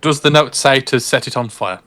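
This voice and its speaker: A man's voice: mid-range voice, moderate pace, a crowd in the background. A man playing a tabletop game, chatting easily and joking with the group. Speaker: player. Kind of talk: casual tabletop game play.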